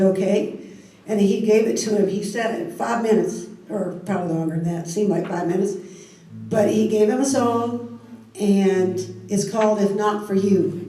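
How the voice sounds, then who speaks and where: A woman, giving a heartfelt personal testimony to a church group, speaking haltingly with restarts. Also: mid-range voice, warm tone. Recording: echoey hall, heard from a distance.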